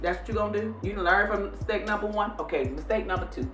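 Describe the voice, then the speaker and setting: A woman's voice: medium pitch, fast, few pauses. A woman hosting a casual vlog, telling viewers a story and acting out how she scolded her son. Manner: animated, scolding retelling. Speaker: vlog host. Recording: echoey room, distant mic, faint music.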